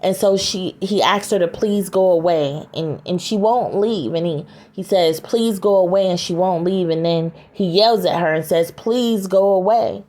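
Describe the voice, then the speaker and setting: Woman, lowish voice, casual story retelling, halting, lots of fillers. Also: a little mellow. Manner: halting, with frequent fillers and restarts.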